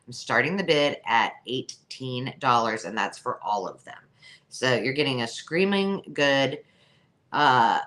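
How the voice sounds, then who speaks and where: A woman's voice: extremely low pitch, a bit bright. A woman hosting a live online sale, chatty and jokey, laughing at her own remarks. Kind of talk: live-stream sales chat.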